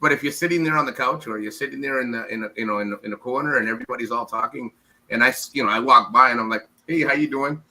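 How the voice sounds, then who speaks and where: A man from the United States answers interview questions in a loose, rambling way. His voice is very bright and forward, and he trips over repeated words. Now and then he mimics others in quick bits. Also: mid-range voice, low-quality recording. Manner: rambling, repeats words, acts out quoted women. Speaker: interview guest. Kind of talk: casual interview.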